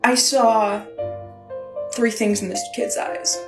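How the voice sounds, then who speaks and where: Young woman spilling a storytime, chatty, animated, echoey room, faint music. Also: fairly high pitch, takes it slowly. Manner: animated, chatty, swears freely. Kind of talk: casual storytime.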